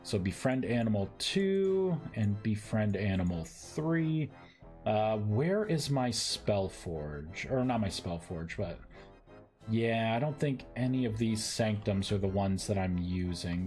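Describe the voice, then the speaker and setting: A man's voice: on the low side, animated, unhurried, darkish tone. A man streaming a modded game, thinking aloud in casual chat with many fillers and restarts, over faint background music. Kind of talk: casual live-stream chat while gaming.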